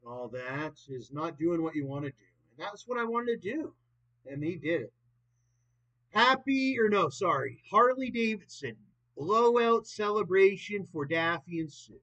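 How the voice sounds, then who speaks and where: A man in his late twenties vlogging in a rambling, profane monologue that swings between loud and soft. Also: high voice, animated, normal speed. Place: old property in the countryside. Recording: dull lo-fi recording.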